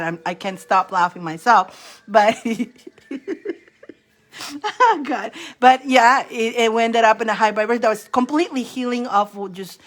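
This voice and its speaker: A woman on a livestream giving tarot readings, chatting casually and often breaking into fits of laughter. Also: mid-range voice. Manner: chatty, rambling with restarts.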